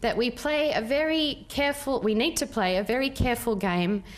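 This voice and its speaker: An Australian woman in her forties giving a public talk as a peace worker, telling her story in a measured, earnest way with thoughtful pauses. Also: fairly high pitch.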